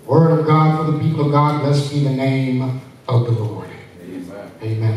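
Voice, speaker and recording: A man's voice: medium pitch, moderate pace, darkish tone. A male pastor preaching a sermon, leading the congregation in call-and-response and telling a story. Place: church sanctuary. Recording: echoey church from far off.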